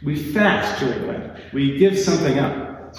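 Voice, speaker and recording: A man's voice: on the high side, expressive, a little slow. A man giving a conversational sermon as pastor, acting out what people in the story say. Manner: conversational, acts out quoted speech. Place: church sanctuary. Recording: echoey church from far off.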